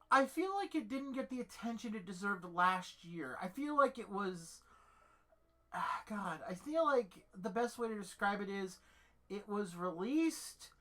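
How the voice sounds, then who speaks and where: A woman's voice: mid-range voice, sharp tone. A woman hosting her own channel, rambling casually about a game she loves, swearing freely and restarting sentences often. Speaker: channel host.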